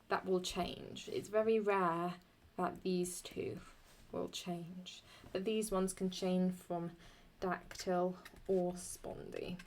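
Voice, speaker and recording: A young woman gives a casual lesson on Latin verse at a slow, drawn-out pace, her voice sitting a little low for a woman. She talks while writing and halts often to correct herself. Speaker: Latin teacher. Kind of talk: casual classroom explanation.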